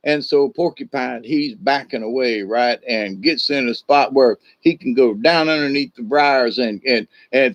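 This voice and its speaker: A man's voice: mid-range voice, measured pace, few pauses, no echo. A man, a shaman, casually telling a folk tale, rambling with many "you know"s and restarts. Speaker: shaman storyteller. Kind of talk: casual spoken storytelling. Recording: dull lo-fi recording.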